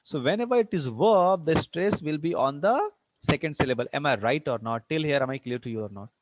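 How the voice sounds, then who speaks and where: Dull-sounding teacher, questioning. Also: male voice, fairly high pitch, animated, a little fast, background noise. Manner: keeps checking understanding with questions; repeats and restarts to stress a point. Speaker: English teacher. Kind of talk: classroom lecture on word stress. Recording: dull dry lo-fi recording.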